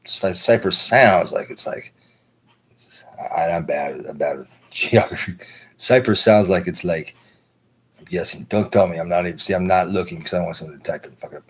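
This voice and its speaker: Deep husky American man rambling. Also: moderate pace. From United States. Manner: loose, profane, repeats "right?". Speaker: livestream host. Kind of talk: rambling casual monologue.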